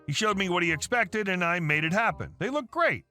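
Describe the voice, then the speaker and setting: A man narrating reddit stories in a brisk, animated reading style. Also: high voice, soft background music. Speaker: story narrator.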